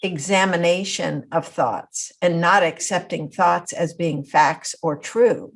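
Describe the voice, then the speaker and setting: A woman's voice: lowish voice, slow, gravelly. A woman hosting a podcast interview, thinking aloud in a reflective, conversational way. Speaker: podcast host.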